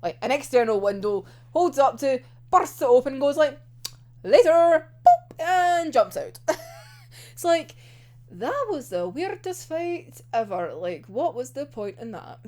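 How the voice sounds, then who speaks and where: A woman's voice: high-pitched, sing-song, measured pace, a little mellow. A woman recapping an anime episode in casual talk, laughing often, swearing freely and acting out the characters' lines.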